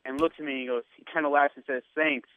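Animated man over a tinny phone line. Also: mid-range voice, racing, dry recording. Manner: animated storyteller who acts out quotes. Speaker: radio station worker telling a story. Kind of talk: casual storytelling on a podcast.

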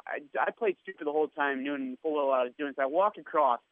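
Animated man over a tinny phone line. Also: fairly high pitch, quick pace. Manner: animated storyteller who acts out quotes. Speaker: radio station worker telling a story. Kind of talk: casual storytelling on a podcast.

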